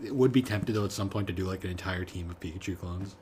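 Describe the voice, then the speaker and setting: A man's voice: low voice, fast, a little mellow, a little hiss or hum. A man co-hosting a podcast in casual chat, giving blunt, dismissive opinions with frequent restarts. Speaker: podcast co-host.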